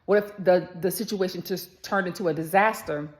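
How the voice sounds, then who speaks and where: A woman with a lowish voice speaks at a normal speed, casually recounting a story to camera. Along the way she says y'all to her viewers and imitates the voices of those involved.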